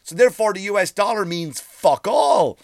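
A man's voice: high voice, expressive, moderate pace, vocal fry, no echo, studio quality. A man hosting a podcast, ranting in a profane, rambling monologue, often stumbling over his words. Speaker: podcast host.

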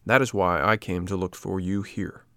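A man's voice: low voice, fairly even intonation, moderate pace, a bit bright, clear, resonant tone, no echo. A man voicing a kind but stern motherly fairy, speaking in a solemn, admonishing way in a storybook reading. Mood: tender.

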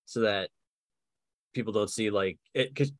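Recorded dry, a man with a lowish voice serves as dungeon master and podcast co-host. He's brainstorming game characters in a relaxed, animated chat, full of laughter and quick bursts of acted dialogue.

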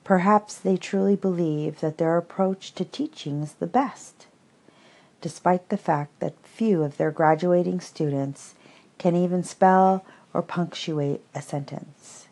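Audiobook narrator, woman, measured and wry, unhurried pace. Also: lowish voice, a little mellow. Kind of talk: audiobook reading of reflective prose.

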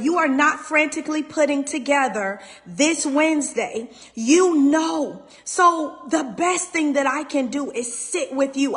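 High-voiced tearful woman. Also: long reverb tail. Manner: raw, tearful, holding back crying. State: near tears. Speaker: podcast host. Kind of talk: emotional faith talk to listeners.

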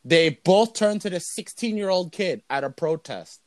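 A man's voice: high-pitched, expressive, normal speed, dry recording. A young man co-hosting a casual podcast, talking in loose, profane, joking rants. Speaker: podcast co-host. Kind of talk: casual crude podcast chat.

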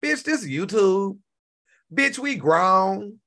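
A man in his forties hosting a casual live-stream rant, animated and profane, repeating himself and now and then breaking into shouts. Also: sits high, very slow, creaky. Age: 40s. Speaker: YouTube commentary host.

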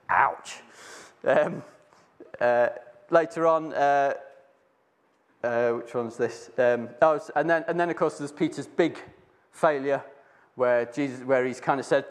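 A man's voice: medium pitch, takes it slowly, long pauses. A man telling a Bible story in casual talk, rambling with many restarts. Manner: rambling with many restarts, acting out voices in quotes. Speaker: speaker sharing a Bible reflection.

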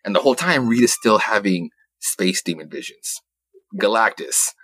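A man's voice: lowish voice, animated, normal speed, fairly bright tone, no room sound. A young man co-hosting a podcast, recapping a comic book in a rambling, profane way, laughing often and quoting characters in passing. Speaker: podcast co-host.

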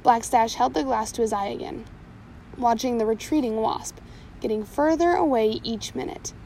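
A woman's voice: on the high side, normal speed, gravelly, dark tone, a little hiss or hum, rough recording. A woman reading a pirate storybook aloud, now and then stumbling and correcting herself. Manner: reads with small slips and self-corrections.

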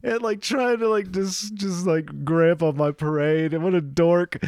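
A man's voice: sits high, unhurried, a little mellow, no room sound, studio quality. A man co-hosting a casual chat, telling a long anecdote and voicing the people in it. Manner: rambling anecdotes with acted-out quotes.

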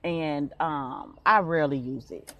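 A woman's voice: sits low, a little slow, pushed and bright. A woman podcast host telling a story in a casual, colloquial way, speaking straight to her listeners.

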